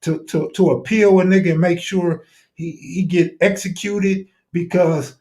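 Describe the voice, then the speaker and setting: A man's voice: high-pitched, unhurried. A man making a heated, profane argument in casual live-stream talk. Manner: heated, animated, profane, arguing a point.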